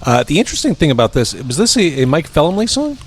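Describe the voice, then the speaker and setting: A man's voice: a little high, big pitch swings, fast talker, slight background noise. A man hosting a podcast, chatting in an easygoing way over a meal in a brewpub. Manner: easygoing, reads lyrics aloud. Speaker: podcast host. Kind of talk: casual interview. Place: brewpub restaurant.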